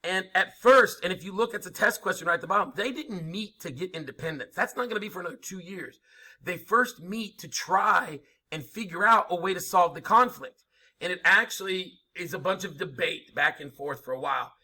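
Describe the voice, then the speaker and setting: Bright, emphatic male history teacher. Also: sits high, normal speed. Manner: emphatic, rhetorical questions, informal. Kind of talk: classroom lecture.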